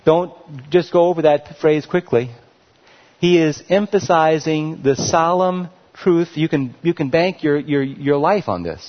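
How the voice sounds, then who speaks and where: A male pastor delivers a passionate sermon in a fairly high voice that swings widely, climbing to loud, emphatic peaks before sinking to hushed low lines. The recording rings with the long reverb of a large hall and has a dull, lo-fi sound. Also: expressive, moderate pace. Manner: passionate, swells loud on key words then drops low.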